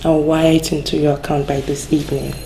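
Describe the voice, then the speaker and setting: A woman's voice: low voice, level tone, a little fast, creaky, mellow, slight background noise. A soothing, wealthy daddy's girl. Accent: Nigerian. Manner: soothing, reassuring. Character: wealthy young woman, the king's caring lover. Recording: echoey room with music behind.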